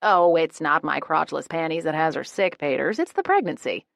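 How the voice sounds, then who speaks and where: A woman voicing a bold, playful grandmother who overshares loudly and proudly in an audiobook. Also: sits low, lively intonation, normal speed, gravelly, no echo, clean studio sound. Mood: matter-of-fact. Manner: brash, loud and proud.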